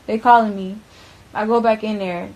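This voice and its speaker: A woman's voice: mid-range voice, fairly even intonation, normal speed, darkish tone. Blunt, profane young woman telling a story. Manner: blunt, profane, filler-heavy, keeps saying bruh and like. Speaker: witness recounting an event. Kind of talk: casual first-person storytelling.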